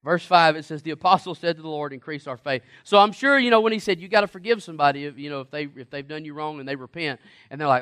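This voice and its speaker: Male preacher, slightly high voice, emphatic, chatty sermon delivery with questions to the room. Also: lively intonation, fast talker, few pauses, a bit bright. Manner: conversational, emphatic, asks the congregation questions.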